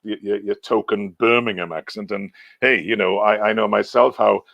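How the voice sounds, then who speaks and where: A middle-aged Welshman, a singer and voice actor, chats as a guest in a casual talk, hesitating and restarting often. His lowish voice is creaky and a bit bright, steady in tone and moderately paced, with no room sound.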